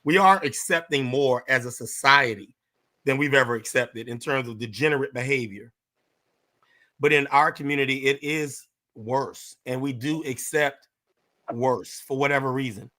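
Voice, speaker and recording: A man on a casual panel chat, speaking earnestly and deliberately, pausing to stress his words. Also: medium pitch, sharp tone. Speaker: panel guest.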